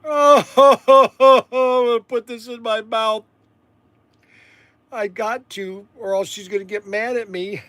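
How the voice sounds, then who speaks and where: A middle-aged man hosting a casual live-stream food tasting, playful and quick to laugh and exclaim. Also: high voice, little pitch movement, dry recording. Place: his shop.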